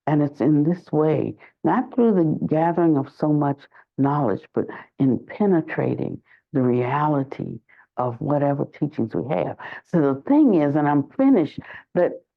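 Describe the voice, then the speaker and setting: Slow, reflective older woman teaching dharma. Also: deep voice, creaky. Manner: reflective, searching for words, lively when telling stories. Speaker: Buddhist teacher. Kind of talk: dharma talk. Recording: dull lo-fi recording.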